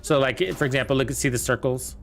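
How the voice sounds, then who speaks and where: A man's voice: medium pitch, steady tone, brisk, creaky, faint music behind. A young man giving casual, rambling commentary while playing a video game, chatting to his viewers with lots of fillers. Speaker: game streamer.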